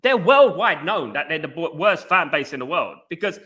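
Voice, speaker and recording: Guy hosting a live fan stream, highish voice, big up-ing his viewers, rambles a lot. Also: moderate pace. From England. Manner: animated, greets viewers by name with "big up"; rambling with frequent restarts and fillers. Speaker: football fan channel host. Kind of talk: casual live-stream chat.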